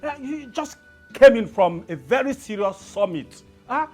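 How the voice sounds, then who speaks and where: A man's voice: very high-pitched, big pitch swings, a little slow, a little mellow, soft background music, heavily acted. An actor playing a deferential chief with a Nigerian accent, pleading with a king in a film. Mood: placating. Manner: pleading, placating. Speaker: palace chief. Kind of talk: film acting.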